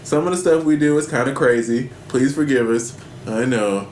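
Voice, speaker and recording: A man co-hosts a podcast, chatting casually and jokingly in slang and sometimes reading out listener questions. His voice is medium-pitched and darkish in tone, at a moderate pace, and the recording is roomy with faint background noise.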